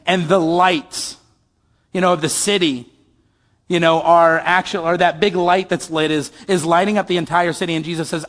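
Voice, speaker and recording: A man's voice: on the high side, a bit bright, big-room sound. A male pastor telling a personal story in a sermon, chatty and conversational, often putting questions to his listeners. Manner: conversational, asks the audience questions.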